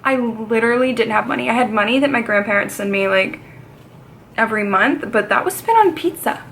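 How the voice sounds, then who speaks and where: A woman's voice: a little high, a little fast, a bit bright, a little hiss or hum. A young woman vlogger telling a dramatic personal story in a chatty, casual way. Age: young adult. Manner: chatty, dramatic, swears and laughs often.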